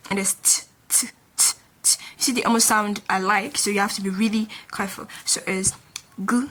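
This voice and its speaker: Woman teaching beginners, slow and patient, says each sound over and over. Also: mid-range voice, a bit bright, slight background noise. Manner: patient, repeats each sound many times. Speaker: Korean teacher. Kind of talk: beginner language lesson, explaining stroke order.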